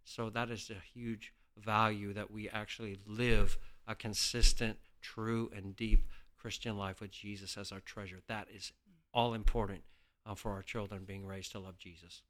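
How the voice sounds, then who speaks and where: A man's voice: on the low side, flat delivery, moderate pace, fairly bright tone. A middle-aged man guest explaining a parenting principle in an earnest, instructive way. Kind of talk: teaching in conversation.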